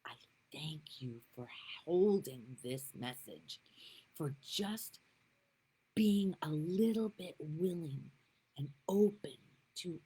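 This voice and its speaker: A middle-aged woman giving casual spiritual talk to her viewers, gushing and laughing often, sometimes dropping to a soft whisper. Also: deep voice, animated, slow pace, slightly rough, low-quality recording. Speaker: spiritual vlogger.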